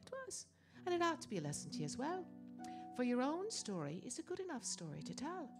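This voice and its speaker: A woman's voice: high voice, huge pitch swings, fairly quick, music in the background, full character voice. A woman playing an imperious old cottage woman. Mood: approving.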